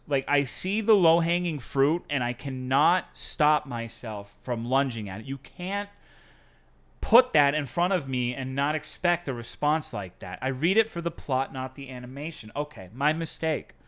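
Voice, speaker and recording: A male streamer chats with his viewers from a home setup. His voice is bright and sits at a middle pitch. He swears freely and jokes at his own expense. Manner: profane, self-mocking joking. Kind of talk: casual chat with viewers.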